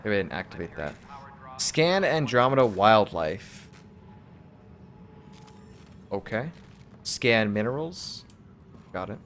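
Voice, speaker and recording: A man's voice: fairly low pitch, very animated, slow, long pauses, a bit bright, a little hiss or hum. A man casually commenting while playing a video game, reading menu items aloud half to himself in an offhand, wry way.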